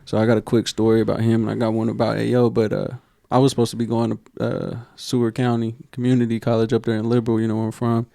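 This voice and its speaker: A man's voice: mid-range voice, monotone, quick pace, gravelly, few pauses, dark tone, no room sound, clean studio sound. A young man, co-hosting a casual podcast and telling a heartfelt personal story full of slang and fillers. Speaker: podcast co-host.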